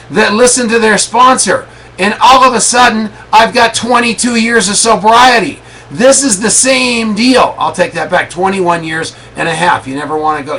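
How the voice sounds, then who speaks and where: A man's voice: very high-pitched, sharp tone, slight background noise, rough recording. A middle-aged man hosting a motivational call, emphatic and preachy, repeating his lines for effect. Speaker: network marketing leader hosting a motivational call. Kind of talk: motivational pep talk.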